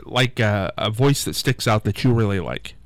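A man's voice: lowish voice, animated, moderate pace, no room sound, poor audio. A male radio host in casual on-air chat, rambling and searching for his words.

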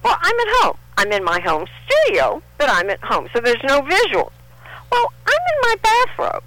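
A woman's voice: sits high, moderate pace, slight background noise, rough recording. An older woman from Texas, a guest in a casual interview, telling stories animatedly and acting out the people she quotes. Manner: animated storyteller, acts out quotes.

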